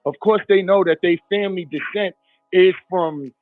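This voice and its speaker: A man's voice: high voice, moderate pace, no echo. A man on a casual group chat, telling a story and explaining his point at length. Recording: phone-like dry line with music.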